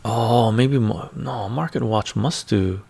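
A finance video host gives casual screen-share commentary while browsing stock charts, thinking aloud and often muttering to himself. His fairly low voice is gravelly, a little mellow, and slightly rough, moving at a slow pace. He's recorded with an ASMR-style close mic.

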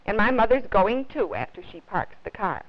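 A woman's voice: mid-range voice, expressive, moderate pace, lightly acted. A woman voicing a polite, earnest little boy who is lost, on dull lo-fi 1950s TV audio.

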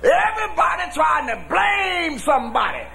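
High, gravelly shouting preacher man. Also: very animated, normal speed, crowd noise, background noise. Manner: shouting, folksy preaching cadence. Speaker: pastor. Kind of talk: sermon. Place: church with congregation.

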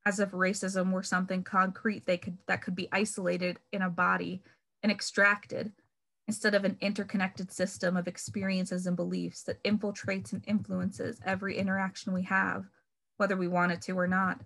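A woman reads her own fiction aloud in a measured, wry way, pressing certain words hard. Her voice sits in a middle register with a steady gravelly fry. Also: medium pitch. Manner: measured, wry, pointed emphasis on key words. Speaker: author reading her novel.

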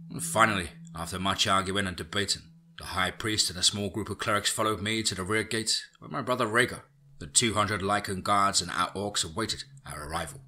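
A male podcast storyteller reading a first-person fantasy tale, steady and unhurried. His voice is low and husky with a hard, sharp edge.

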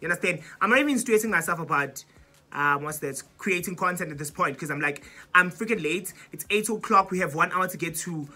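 A young South African YouTuber in her twenties, speaking with a South African accent, dramatically retells a storytime vlog and mixes in isiZulu words. Her fairly low voice is pushed and bright, and she talks a little fast.

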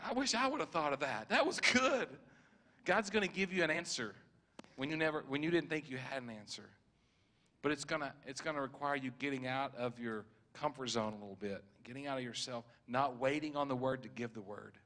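Stammering preacher speaking over a congregant. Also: male voice, mid-range voice, a little fast. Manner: warm, repetitive, stammering restarts, chuckles often. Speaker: preacher giving prophetic words. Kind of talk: prophetic ministry at a church service.

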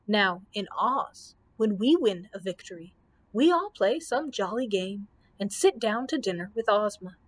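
A woman's voice: mid-range voice, expressive, unhurried. A woman reading the kindly Scarecrow. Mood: cheerful. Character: kind, fussy male straw Scarecrow emperor.

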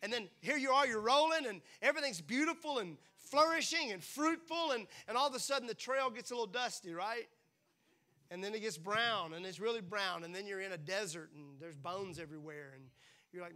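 A man preaching in a church with a high, bright, ringing voice. He talks to the congregation in a playful, animated way. He keeps slipping into quick acted-out voices before dropping back to plain talk. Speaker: pastor. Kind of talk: sermon.

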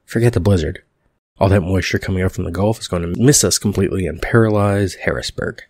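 A man's voice: low voice, fast talker, a little mellow, dry recording, studio quality. A man reading aloud the lines of a smug, cynical TV weatherman in his thirties. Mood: sardonic.

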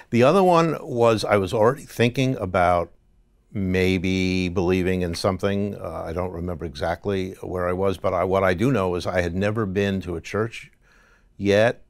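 A man guest in an interview, recounting a dream in a halting way with restarts. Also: sits low, no echo. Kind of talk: testimony interview.

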